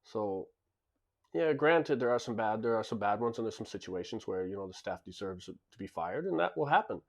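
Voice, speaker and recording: A man's voice: fairly low pitch, animated, moderate pace. A man who owns a club tells stories in a casual monologue, blunt and emphatic, often repeating words as he restarts sentences. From lives in Japan. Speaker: club and bar owner.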